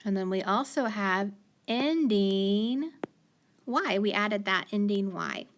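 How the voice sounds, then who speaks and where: A woman's voice: medium pitch, a little hiss or hum. A woman teacher giving a phonics lesson to young learners, sounding out letters and praising often. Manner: patient, sounds out letters slowly, frequent praise.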